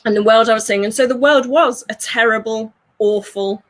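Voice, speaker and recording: A woman, working as a fulfillment coach, talks through ideas in an animated way, laughing often and acting out voices. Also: a little high, moderate pace. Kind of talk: conversational interview.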